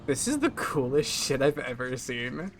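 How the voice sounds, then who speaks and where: A young man streaming a video game, chatting casually in an excitable, profane way and laughing often. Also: medium pitch, unhurried, faint music behind. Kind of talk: casual gameplay chat.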